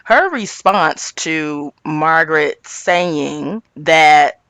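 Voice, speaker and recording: A woman with a raspy voice hosting a casual reality TV recap, acting out what the cast members say. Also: extremely slow, no room sound. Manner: animated, quotes cast members in big pitch jumps. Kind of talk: casual commentary.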